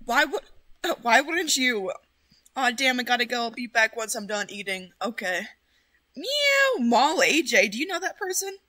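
Give me a bright-voiced woman streamer who is excitable, bossy and swears often. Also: on the high side, moderate pace. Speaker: streamer host. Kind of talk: casual game stream chat.

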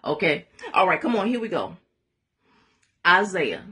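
A woman leading a live Bible study in a lively call-and-response preaching style, laughing and making asides to viewers. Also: lowish voice, a little slow.

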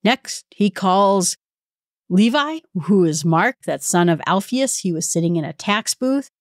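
A woman's voice: medium pitch, lively intonation, measured pace, dry recording, clean studio sound. A woman giving an informal Bible study, explaining the passage conversationally with casual asides. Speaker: Bible teacher.

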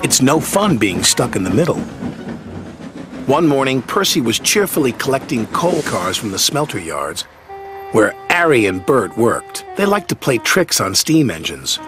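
A man reads a children's storybook aloud, his mid-pitched voice rising and falling with lively expression. Music plays clearly behind him. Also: a little slow. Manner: animated reading. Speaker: narrator. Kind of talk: storybook narration.

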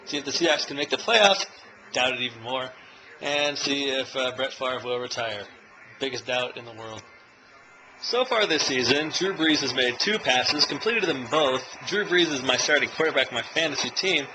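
A man's voice: medium pitch, expressive, brisk, pushed and bright. A young man rambling and joking in a casual daily video blog. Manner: rambling and jokey. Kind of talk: casual chat. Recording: noisy background.

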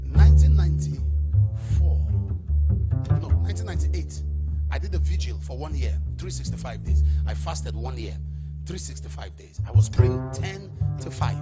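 A man with a Nigerian accent preaching a sermon, swinging from quiet murmurs to loud shouting. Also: medium pitch, sing-song, moderate pace, lo-fi sound, over loud music. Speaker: apostle preaching.

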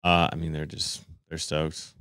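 A man's voice: extremely low pitch, level tone, a little slow, fairly bright tone, clear, resonant tone, dry recording, studio quality. A man from Alaska guesting on a podcast, speaking hesitantly with many ums and a self-doubting tone. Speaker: band member guest. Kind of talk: casual interview chat.

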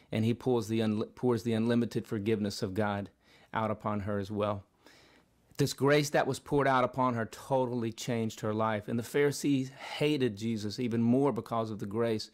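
Earnest man giving a devotional Bible talk. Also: medium pitch. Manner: earnest, repetitive preaching cadence with restarts. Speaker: vlogger preacher. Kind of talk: devotional Bible teaching vlog.

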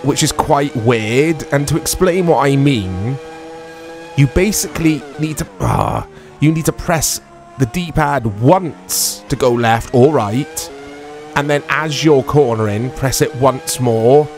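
A man's voice: mid-range voice, sing-song, slow pace. A man giving casual, rambling commentary while playing an old racing game. He is self-deprecating and full of tag questions. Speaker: retro game reviewer. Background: background music.

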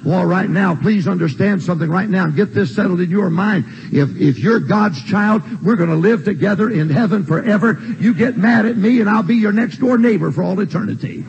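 High-pitched, emphatic preacher man. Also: a little fast, vocal fry, few pauses, slightly rough, muffled recording. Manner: emphatic, repetitive preaching with shouted refrains. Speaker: pastor. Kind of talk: sermon. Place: church sanctuary.

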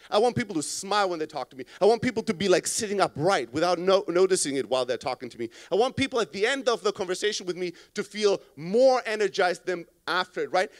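A man giving an energetic, profane talk on a conference stage into a microphone, acting out reactions to phone calls. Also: high voice. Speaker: conference speaker.

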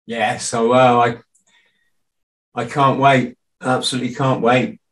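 A man's voice: mid-range voice, flat delivery, unhurried, fairly bright tone. A man hosting a podcast interview, asking short, easygoing questions. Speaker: podcast host.

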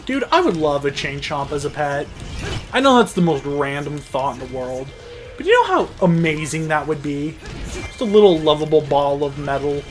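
A gameplay commentator talking casually over a video game, excitable and sarcastic, often breaking into laughter. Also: medium pitch, moderate pace, music in the background. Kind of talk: casual let's-play commentary.

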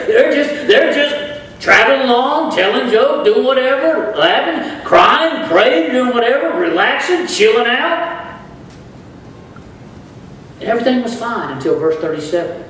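A man's voice: very high voice, big pitch swings, moderate pace, a bit bright, slight background noise. A man preaching a sermon as pastor, calling on the congregation to answer back and rising into bursts of emphasis. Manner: preaching with rising bursts and audience call-and-response. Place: church sanctuary. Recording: echoey church hall from far off.

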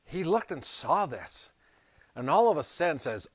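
A man preaching a sermon as a pastor, animated and emphatic, moving between loud stresses and quiet asides as he tells a story and asks questions. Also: fairly high pitch, measured pace, no echo.

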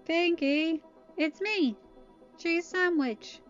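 A woman voicing a kind young stallion pony in a storybook reading. He talks softly and reassuringly. Dull lo-fi sound and faint music. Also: very high voice, drawn-out words, voice pushed up, full character voice. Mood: gentle.

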